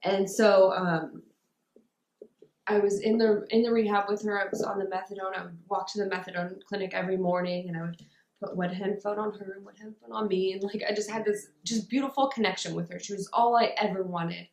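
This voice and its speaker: A woman's voice: mid-range voice, fairly even intonation, fairly quick, a little mellow. A young woman telling her personal recovery story in an interview, talking casually and rambling with many fillers. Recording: roomy echo.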